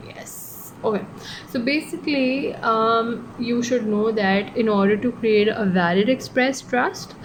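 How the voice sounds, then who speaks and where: A woman tutoring law in a relaxed, rambling way, fixing her own slips and tossing in little jokes. Her pitch sits in an ordinary middle range. A clear hum of background noise runs under the recording. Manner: chatty, digressive, self-correcting, joking asides. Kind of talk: casual online lecture.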